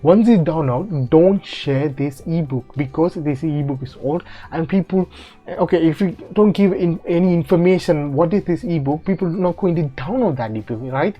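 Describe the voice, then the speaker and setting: This online money-making tutorial is narrated by a man whose voice sits on the high side, recorded casually over his screen. His delivery stumbles, full of restarts, filler words and phrasing that sounds non-native, over muffled lo-fi sound and quiet background music.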